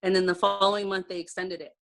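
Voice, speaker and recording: A woman's voice: medium pitch, little pitch movement, fast talker, gravelly, fairly bright tone. A woman leading a sales team, telling her personal success story on a video call in a heartfelt, conversational way with many fillers. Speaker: direct-sales team leader.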